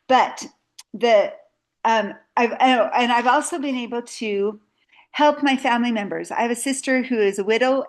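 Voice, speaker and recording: A middle-aged woman in the middle of a testimonial speech, her voice sitting at an ordinary pitch. She talks earnestly and conversationally, turning often to address the people listening. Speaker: sales agent giving a testimonial.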